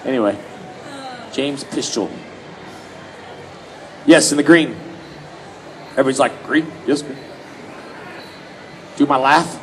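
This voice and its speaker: Amid crowd and background noise, a medium-pitched man takes his time, pausing often. He's a Houston, Texas convention panel guest around his late thirties, casually telling fans joking, animated stories and slipping into mock voices for quotes.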